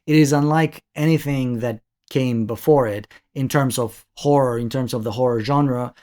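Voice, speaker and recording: A man's voice: medium pitch, normal speed, darkish tone. A man giving an analytical video essay review of a classic film, talking thoughtfully with frequent restarts.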